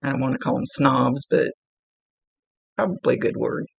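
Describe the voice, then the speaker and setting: A woman's voice: very deep voice, normal speed, gravelly, husky, no echo. A woman working as a psychic medium, chattily relaying spirit messages in a casual reading and laughing now and then.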